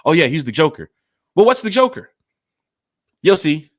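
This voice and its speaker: A man's voice: on the high side, moderate pace. A man hosting a sports fan podcast in casual, rambling talk aimed at his co-host. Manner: animated, rambling, talks straight to his co-host.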